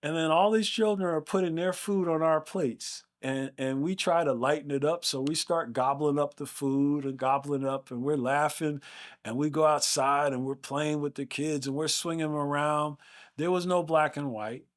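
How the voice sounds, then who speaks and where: A man's voice: on the high side, fairly even intonation, moderate pace. A man in his fifties hosting a podcast, speaking earnestly and emphatically, with rhetorical questions. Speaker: podcast host. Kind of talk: motivational podcast monologue.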